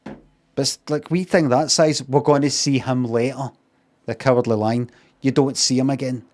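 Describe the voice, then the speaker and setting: A man's voice: mid-range voice, steady tone, normal speed, darkish tone. A man with a Scottish accent giving a casual, rambling review on a live stream, sweary and wry.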